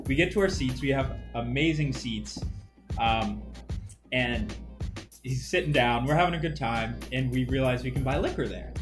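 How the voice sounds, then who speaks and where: A man's voice: mid-range voice, normal speed, music in the background. A young man co-hosting a podcast, telling a funny story in casual chat and laughing often. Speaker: podcast co-host.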